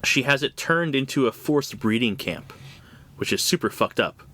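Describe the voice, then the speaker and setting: A man's voice: medium pitch, expressive, normal speed, pushed and bright. A man co-hosting a podcast, recapping a comic book in loose, profane casual chat full of "like"s. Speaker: podcast co-host.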